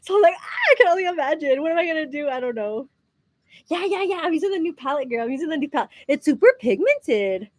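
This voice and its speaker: Chatty El woman, bright high voice. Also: animated, fast talker, dry recording. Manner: chatty, mixes Spanish words into English, swears playfully, laughs often. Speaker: beauty vlogger. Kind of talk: chatty get-ready-with-me talk.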